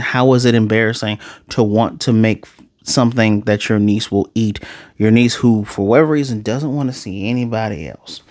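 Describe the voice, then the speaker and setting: A man casually reviewing an anime episode in a sarcastic, animated way, his voice jumping high for emphasis. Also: moderate pace, no echo, clean studio sound.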